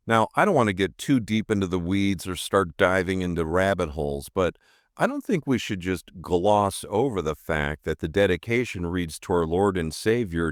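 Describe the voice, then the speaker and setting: A man's voice: deep voice, no echo, clean studio sound. A man hosting a podcast, delivering scripted narration in an emphatic, rhetorical way. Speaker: podcast host.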